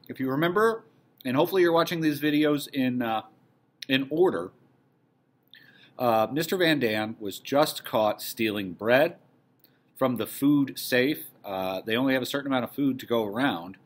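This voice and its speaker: A male teacher in a recorded video lesson, reading a play aloud to his class and briskly calling out stage directions. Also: mid-range voice.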